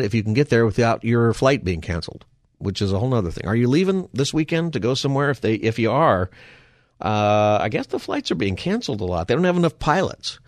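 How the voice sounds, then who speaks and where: A male radio talk show host with a low voice, recorded dry and close in a studio. He rambles easily from topic to topic, dropping wry, folksy asides as he goes. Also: dry recording. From Southern California.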